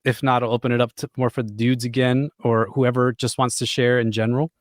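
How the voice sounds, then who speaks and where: A man's voice: medium pitch, little pitch movement, a little fast, no room sound, clean studio sound. A man hosting an online audio chat room, moderating the discussion in an upbeat, encouraging way.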